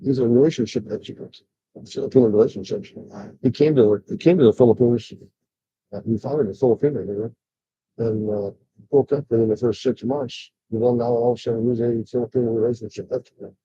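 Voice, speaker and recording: An older man talks in a rambling, blunt livestream chat, full of "uh"s and restarts. His voice is dark and husky, and the sound is dry and muffled. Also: mid-range voice, fairly even intonation, a little fast, dry recording. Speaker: vlogger. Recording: dull lo-fi sound.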